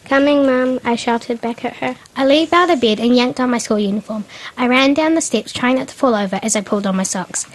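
A woman's voice: a little high, fairly quick. A woman reads a first-person story aloud in a plain, unpolished way, often stumbling and restarting words. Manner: unpolished reading with restarts and slips.

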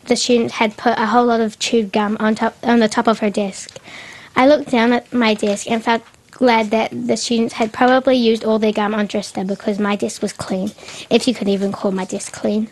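A woman's voice: on the high side, close to an everyday voice. A girl voicing a troubled teenage girl who narrates her story in an earnest read-aloud.

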